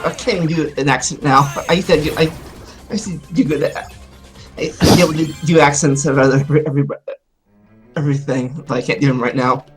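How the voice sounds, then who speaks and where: A man's voice: on the high side, a little fast, over music. A man joining as a guest on a let's play, chatting casually and filling his talk with "like". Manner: chatty, filler-heavy with many "like"s. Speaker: guest co-commentator. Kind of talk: casual chat over gameplay.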